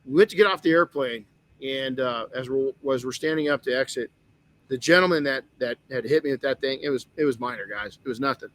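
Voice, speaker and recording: Man, middle-aged, podcast host, earnest storytelling, stumbling restarts, mid pitch. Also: brisk, a bit bright, no room sound. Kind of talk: motivational podcast talk.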